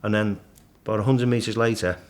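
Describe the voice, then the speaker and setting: A middle-aged man, a guest in a casual interview, vividly retelling his climb and acting out the shouts and thoughts along the way. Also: fairly low pitch, brisk. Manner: animated storyteller, acts out his own shouts and thoughts. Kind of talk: storytelling in casual conversation.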